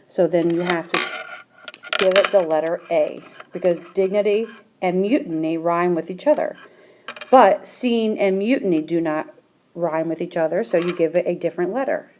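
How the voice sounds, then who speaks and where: A woman teacher with a mellow, somewhat low voice explains a rhyme scheme step by step. She keeps checking in with her listeners with a quick "okay?". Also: slight background noise. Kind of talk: classroom explanation.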